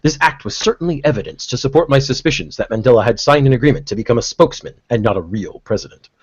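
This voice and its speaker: A man's voice: medium pitch, lively intonation, fast, breathy edge, no echo, highs cut off. A man reading an article aloud on a podcast, breaking off for sarcastic comments. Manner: sarcastic, stops to comment and laugh. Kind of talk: reading aloud with mocking asides.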